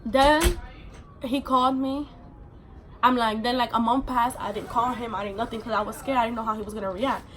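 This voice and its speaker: A woman's voice: a little high, steady tone, a little fast, a bit bright. A young adult woman vlogger telling a personal story in a casual, rambling way, full of fillers.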